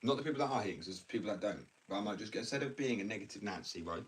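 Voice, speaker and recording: Rambling low-voiced man ranting on a stream. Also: animated, racing. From England. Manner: rambling, blunt, slangy. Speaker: live streamer. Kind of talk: casual livestream rant. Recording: distant mic with faint background noise.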